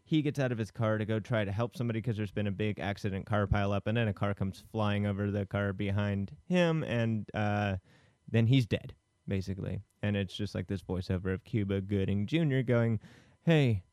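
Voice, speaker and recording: Podcast co-host, male, low mellow voice, loose rambling plot recap, close dry mic. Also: brisk, hardly any pauses, clean tone, no echo. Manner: rambling, filler-heavy retelling of a film plot. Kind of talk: casual film podcast chat.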